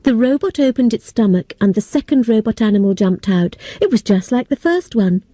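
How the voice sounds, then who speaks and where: Dark-voiced woman reading an audiobook. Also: fairly high pitch, a little fast, no echo. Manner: clear and steady, for language learners. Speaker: audiobook narrator. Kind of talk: scripted narration.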